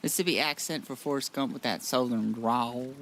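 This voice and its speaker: A man's voice: mid-range voice, fairly quick, fairly bright tone, slight background noise. Rambling, blunt male game streamer. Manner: rambling, blunt, with frequent restarts and swearing. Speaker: streamer playing a modded game. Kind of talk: casual live-stream chat.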